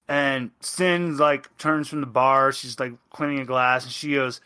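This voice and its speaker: A man's voice: mid-range voice, steady tone, unhurried, few pauses, pushed and bright, smooth. A man narrating as game master of a tabletop game, describing in rambling, filler-heavy bursts.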